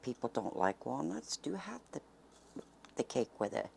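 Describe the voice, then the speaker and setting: A woman's voice: a bass voice, big pitch swings, normal speed, gravelly, mellow, a little hiss or hum. Folksy woman chatting while baking. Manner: chatty and folksy, drops to a near whisper at times. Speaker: cooking channel host. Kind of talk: casual cooking demonstration. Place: home kitchen.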